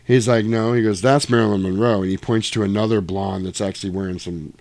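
A man's voice: fairly low pitch, steady tone, fast talker, darkish tone, dry recording. A man in casual chat, retelling a film scene, acting out the dialogue and swearing freely.

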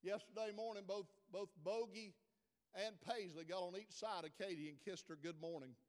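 A man preaching a sermon, swelling to dramatic loud peaks. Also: high voice, steady tone, normal speed, big-room sound. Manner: preaching with dramatic rises in volume.

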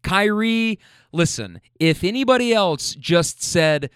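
A man's voice: fairly high pitch, measured pace, clean tone, no echo, clean studio sound. A man telling a story in a casual monologue, emphatic and profane, often checking in with "okay?". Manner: animated, profane, emphatic, keeps asking "okay?".

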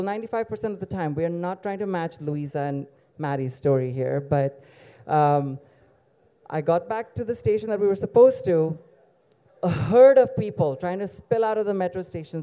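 Man with a very dark, smooth voice. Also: on the high side. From Dubai. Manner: casual, digressive, with wry asides. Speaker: storyteller. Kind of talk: live personal storytelling.

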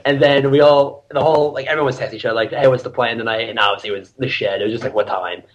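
Young man, podcast guest, animated storyteller, laughs often, casual chat. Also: medium pitch, rapid-fire, muffled recording.

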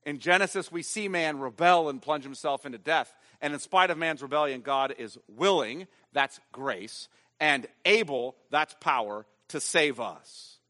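A man preaching a sermon as pastor, emphatic, swinging from loud stressed lines to hushed ones. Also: a little high, a little slow, long reverb tail.

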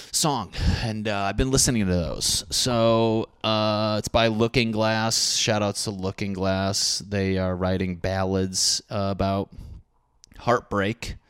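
A man's voice: fairly low pitch, dry recording, clean studio sound. A man in his thirties hosting a solo podcast from his apartment, rambling, swearing and mocking himself as he jumps between topics. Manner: rambling, profane, self-mocking. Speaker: podcast host.

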